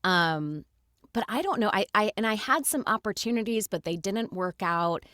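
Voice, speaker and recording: A woman's voice: medium pitch, lively intonation, moderate pace, fairly bright tone, dry recording, clean studio sound. A woman in her thirties from Michigan with a Midwestern accent, a guest voice actor chatting casually and telling her story over a video call. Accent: Midwestern American. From Michigan, USA. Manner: chatty, storytelling with quoted asides. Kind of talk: casual interview chat.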